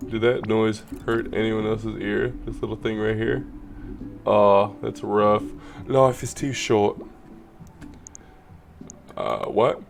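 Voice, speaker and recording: Slow and lowish, with vocal fry and long pauses, a man gives let's play commentary as a gameplay commentator. He chats casually while playing, joking and reading the video game's lines aloud.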